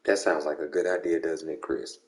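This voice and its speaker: A man's voice: very deep voice, fairly even intonation, fairly quick, darkish tone. A man chatting casually with friends during an online game league, slangy and repetitive. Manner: slangy, repeats "bro" and "come on".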